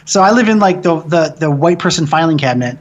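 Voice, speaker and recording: A man from the American Midwest, a film director in an interview, telling a long story in a casual, profane, animated way with frequent restarts. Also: a little high, quick pace, highs cut off.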